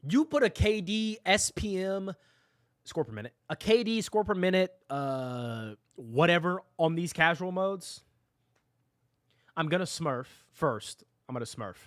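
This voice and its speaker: A man's voice: high voice, animated, unhurried, fairly bright tone, dry recording, studio quality. A man streaming a game live, ranting at his chat with mock drama and repeating himself. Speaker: gaming livestreamer.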